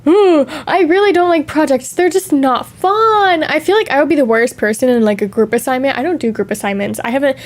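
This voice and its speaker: Bubbly high-voiced young woman streamer. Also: fast talker, hardly any pauses. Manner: bubbly, excitable, theatrical sighs and gasps. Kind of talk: casual chat stream.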